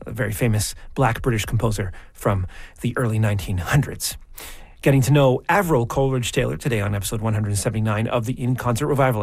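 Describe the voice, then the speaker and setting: A man hosting a classical music radio show, telling a composer's story in a measured, conversational way. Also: medium pitch, creaky, no echo. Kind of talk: scripted radio presenting. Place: radio studio. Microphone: studio microphone.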